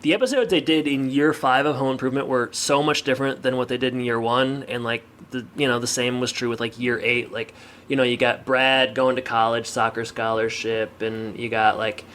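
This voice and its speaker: This podcast co-host has a medium-pitched, steady, slightly bright voice and speaks a little fast, with slight background noise. He rambles casually and leans heavily on filler words.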